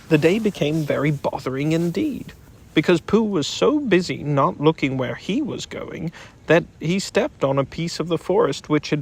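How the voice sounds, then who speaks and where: A man reading a children's book aloud in gentle, unhurried storybook narration. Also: on the high side, husky. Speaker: audiobook narrator.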